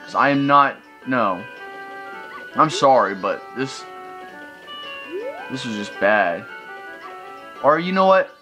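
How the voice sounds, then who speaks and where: A young man talks over his own gameplay in an exasperated, ranting way, full of exclamations. His pitch jumps around a lot. Video game music plays clearly underneath. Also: animated, slow, pauses often, pushed and bright. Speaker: let's play gamer. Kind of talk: gameplay commentary.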